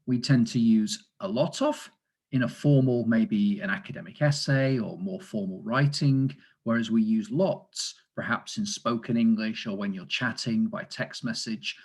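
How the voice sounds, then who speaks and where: Over a video call, a male teacher trainer walks through grammar in an online lesson, often using fillers and making asides about the chat. He speaks unhurriedly in a lowish voice with a breathy edge.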